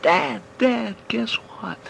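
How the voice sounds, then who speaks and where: A man voicing a young boy who is out fishing, speaking in a high, anxious, pleading way. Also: expressive, moderate pace, creaky. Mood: excited. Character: young boy fishing, scared then proud. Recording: noisy recording, vehicle noise behind.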